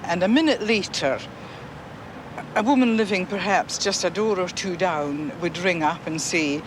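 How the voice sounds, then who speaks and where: A high-voiced man with an Edinburgh accent explains things in a careful, measured way. His voice sits on old archive tape with clear hiss. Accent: Edinburgh Scottish.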